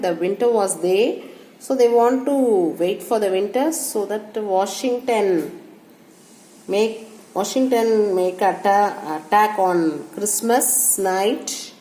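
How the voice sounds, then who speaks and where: A woman teacher giving a history lecture, halting and restarting her phrases and repeating dates as she explains. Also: fairly high pitch, dark tone. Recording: echoey room with faint hum.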